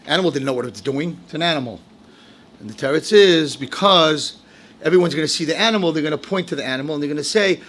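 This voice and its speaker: A high, bright-voiced man preaching a sermon. He talks animated and dramatic, sinking into quiet asides and then climbing into shouted, acted-out lines. His tone is forceful and keen. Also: racing. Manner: animated, swings from low asides to shouted high-pitched outbursts, acts out quotes. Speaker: rabbi giving a Torah lecture.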